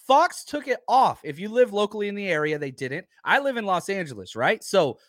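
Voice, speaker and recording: A man in his thirties hosting a casual live stream from home, animated and repeating himself as he reads out chat comments. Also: high voice, fairly quick, no room sound, studio quality.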